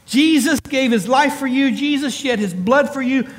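A man's voice: very high-pitched, big-room sound. A man preaching a sermon as pastor, building emphatic lists and calling out to the congregation. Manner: preaching with rising emphatic calls and quick asides.

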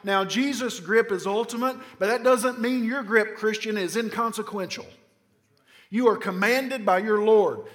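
Preaching with emphasis, a Southern American pastor leans on repetition and rhetorical questions. He speaks at a normal speed in a high, somewhat bright voice, echoing with the long reverb of a large hall.

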